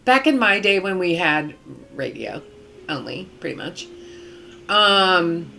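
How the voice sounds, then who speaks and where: A woman's voice: on the low side, expressive, slow, gravelly, pushed and bright, faint music behind. A middle-aged woman chatting casually on a live game stream, rambling along with many ums and restarts.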